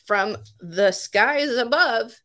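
High-voiced, animated, profane woman. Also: extremely slow. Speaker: podcast co-host. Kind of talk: casual chat, animated storytelling.

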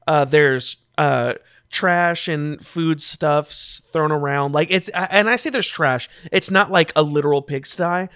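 A man running a tabletop game as game master, talking in a relaxed way with lots of fillers. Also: fairly high pitch, unhurried, clean tone, no room sound, studio quality.

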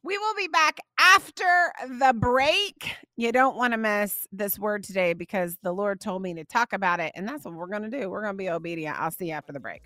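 A woman, hosting a podcast and telling a family story in a gushing, animated way, laughing often. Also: mid-range voice, brisk, hardly any pauses, no room sound. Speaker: podcast host. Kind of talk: casual storytelling to listeners.

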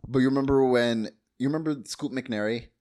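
A man's voice: medium pitch, a little fast, darkish tone. A man co-hosting a casual movie recap, talking animatedly, laughing often and acting out quotes. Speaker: podcast co-host.

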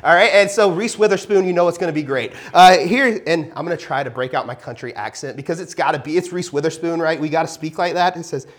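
A married man preaching a sermon in an animated, joking way, with frequent restarts. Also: on the high side, quick pace, hardly any pauses. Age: adult, married. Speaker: pastor.

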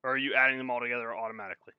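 A man running a tabletop game as game master, slowing down for dramatic narration. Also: medium pitch, fairly even intonation, smooth, no room sound. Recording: dull, dry lo-fi audio.

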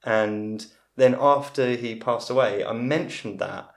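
A man in his forties tells a long, meandering story as a podcast guest. He trips over his words and restarts his sentences. His voice sits at an ordinary pitch and sounds roomy, with a noticeable echo. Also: slow pace. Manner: rambling, self-interrupting storyteller. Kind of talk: casual storytelling in a podcast interview.

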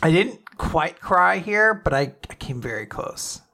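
A man co-hosting a casual podcast, joking with quick teasing remarks. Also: fairly high pitch, very animated, creaky, pushed and bright. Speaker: podcast co-host. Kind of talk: casual chat.

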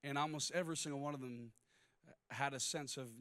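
A man preaching a sermon, moving between quiet personal stories and loud, rising exhortation. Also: medium pitch, steady tone, fairly quick, clear, resonant tone. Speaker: pastor.

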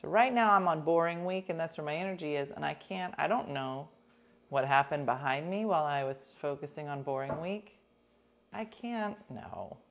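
Self-mocking woman co-host, lowish voice. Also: normal speed, vocal fry, a little hiss or hum. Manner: chatty, self-mocking storytelling. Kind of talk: casual chat.

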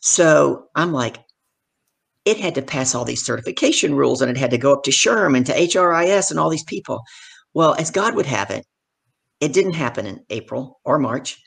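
Husky, gravelly middle-aged woman telling a story. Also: low voice, moderate pace. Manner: animated, acts out the voices in her stories. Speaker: guest, professional speaker. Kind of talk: conversational storytelling.

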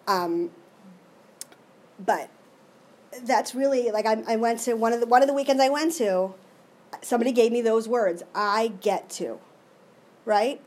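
Emotional, expressive woman sharing her recovery. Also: on the high side, unhurried, pauses often, slight background noise. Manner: emotional, expressive, with many restarts. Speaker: recovery meeting speaker. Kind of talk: personal recovery share.

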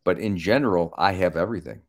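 A middle-aged man, a comedian, chatting on a podcast in an animated, emphatic and profane way. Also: sits low, fast. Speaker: comedian guest. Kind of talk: casual podcast chat.

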